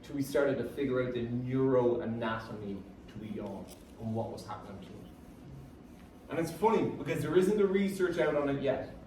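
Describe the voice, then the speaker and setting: Animated man speaking in a hall. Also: medium pitch, normal speed, slight background noise. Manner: animated, joking, coaxes the audience to join in. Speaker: guest speaker. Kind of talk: live motivational talk to an audience. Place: event hall with an audience. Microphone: phone camera from the audience. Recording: echoey hall phone recording from far off.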